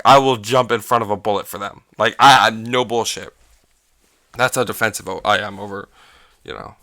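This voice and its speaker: A young man talks through stories on his own podcast, stumbling over words and cursing as he goes. His voice is bright and a little sharp, recorded close and dry with no room sound. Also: medium pitch, clean tone, no echo. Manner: rambling, restarts and swears often, loses his train of thought. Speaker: podcast host. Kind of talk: casual solo podcast storytelling.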